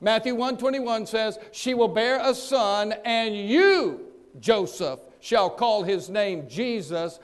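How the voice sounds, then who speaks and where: High-voiced man preaching a dramatic sermon. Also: expressive, takes it slowly, few pauses. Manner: dramatic preaching, acting out voices, swinging loud and soft. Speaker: pastor.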